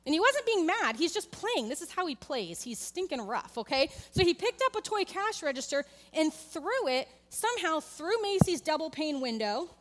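A woman's voice: high voice, very animated, moderate pace, few pauses, a bit bright, in a large hall. A woman in her thirties giving a conversational sermon in a church, telling a candid family story and talking directly to the congregation. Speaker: church speaker. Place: church sanctuary.

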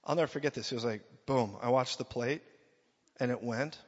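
A middle-aged man preaching a sermon in an animated way, dropping low and then rising to shouts. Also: fairly quick, in a large hall, muffled recording. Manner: animated, swings from quiet to shouting.

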